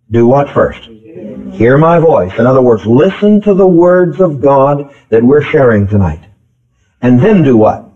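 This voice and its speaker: A male preacher in full sermon, driving his points home by repeating them and putting questions to the congregation. His middle-pitched voice comes through a thin, phone-like old tape recording. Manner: emphatic, repeats phrases, calls out to the congregation.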